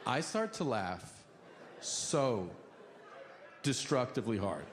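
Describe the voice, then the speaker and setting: A man's voice: a little high, big pitch swings, a little slow, very noisy. A man comedian telling a stand-up story, laughing through it as he goes. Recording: echoey room with loud ambience.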